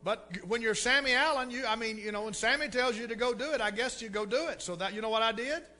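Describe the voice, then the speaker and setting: A middle-aged preacher, telling a story in a folksy, animated way and repeating words for effect. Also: male voice, very high voice, fast talker, soft background music. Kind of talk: sermon storytelling.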